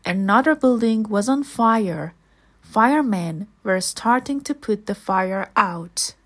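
Woman reading a children's story, slow, breathy, fairly high voice, measured. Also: expressive. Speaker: storybook reader.

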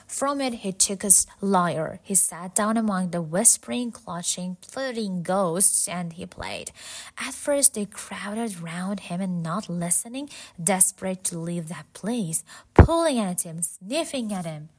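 Slow, deliberate woman storyteller. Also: fairly low pitch, lively intonation. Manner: slow, deliberate, softly dramatic. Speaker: narrator. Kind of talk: storybook narration.

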